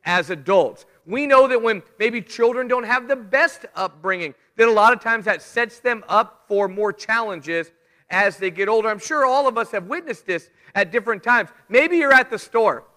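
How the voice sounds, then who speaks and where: A middle-aged man giving a church sermon with announcements, talking conversationally and telling stories with animated asides. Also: high-pitched, normal speed. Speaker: preacher. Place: church sanctuary. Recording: reverberant church hall.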